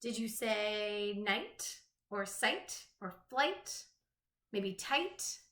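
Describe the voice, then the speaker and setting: A woman teaching a phonics lesson to young children, slowly sounding out rhymes, letters and words. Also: medium pitch, animated, sharp tone. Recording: echoey room.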